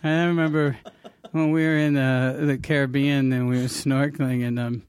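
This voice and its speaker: A man's voice: mid-range voice, flat delivery, moderate pace, noisy background. A middle-aged man telling stories as a comedian guest in a casual interview, rambling and laughing, with frequent restarts.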